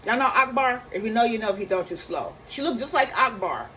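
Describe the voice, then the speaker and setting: A woman giving casual reaction commentary, animated, acting out quotes and repeating herself. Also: a little high, brisk, a little hiss or hum, low-quality recording. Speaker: commentary vlogger.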